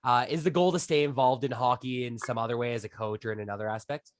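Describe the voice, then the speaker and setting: A man's voice: medium pitch, steady tone, fast talker, dry recording, studio quality. A man co-hosting a podcast interview, asking questions in a hesitant way with fillers. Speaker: podcast co-host. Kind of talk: casual interview chat.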